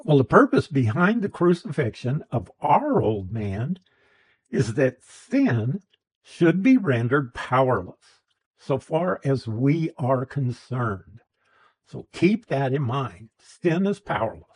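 A man's voice: mid-range voice, very animated, slow pace, darkish tone, breathy edge, low-quality recording. A man teaching a Bible class, explaining a verse's grammar patiently with restarts and asides.

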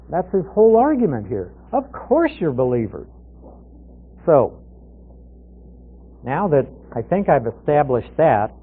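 Working through a Bible passage verse by verse, a man with a fairly high, slightly rough voice teaches conversationally, posing questions and answering them himself. The audio is thin and phone-like, as on a radio broadcast.

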